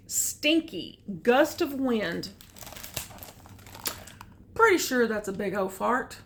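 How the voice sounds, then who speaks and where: An older woman reading a picture book aloud, adding gentle, chatty comments about the pictures. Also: fairly high pitch, expressive, takes it slowly, creaky, long pauses, a little hiss or hum. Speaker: storyteller.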